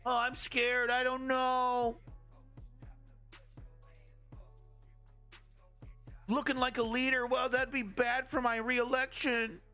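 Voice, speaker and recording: A man's voice: very high-pitched, monotone, a little slow, sharp tone, clean tone, faint music behind, pitched above the performer's own voice, full character voice. A man putting on the voice of a whiny, cowardly older male politician, mocking him in a simpering sing-song whine.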